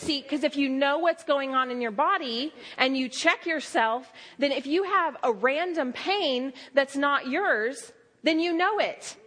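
Lively woman preaching a sermon. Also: sits high, a little slow. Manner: lively storytelling with quoted asides.

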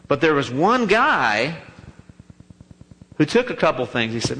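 A man preaches a sermon to his congregation, with a voice a little higher than most men's. He tells the story in a lively, joking way and throws himself into the quoted lines with a raised voice. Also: unhurried, pauses often, slight background noise, low-quality recording. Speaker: pastor.

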